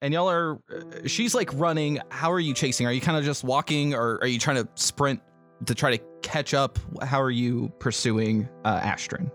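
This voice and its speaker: A man's voice: medium pitch, normal speed, a bit bright, soft background music. A man narrating a tabletop game as game master, rambling with many fillers. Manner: rambling, full of fillers and laughs.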